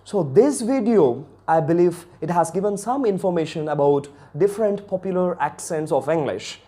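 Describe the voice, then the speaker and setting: A man's voice: high-pitched, expressive, normal speed, warm tone. A man with an Indian accent giving a chatty video lesson on English accents, talking straight to viewers with many fillers.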